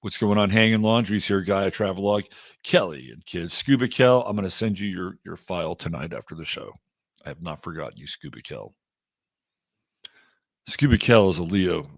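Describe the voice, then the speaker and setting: This low-sitting male voice belongs to a middle-aged man from Texas who runs an astrology livestream. He talks casually and welcomes viewers by name, captured in a dry, studio-quality recording.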